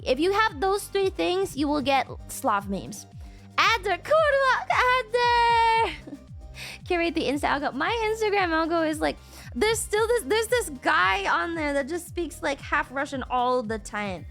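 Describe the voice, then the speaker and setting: A woman's voice: high-pitched, animated, normal speed, fairly bright tone. A young woman streamer chatting casually with her viewers, playful and laughing often. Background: music.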